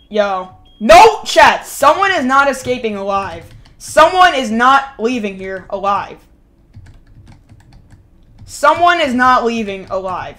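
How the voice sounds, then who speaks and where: High, wildly swinging woman streamer. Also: expressive, slow pace. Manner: swings from shouting at the game to muttering, repeats phrases; talks to chat and game characters, slangy. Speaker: gaming streamer. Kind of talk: live game streaming commentary.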